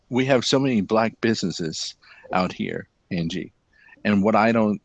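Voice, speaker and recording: Low-voiced male guest, easygoing conversational read, dry close sound. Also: dry recording. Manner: easygoing, chatty, drops into a smooth announcer voice. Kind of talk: casual chat.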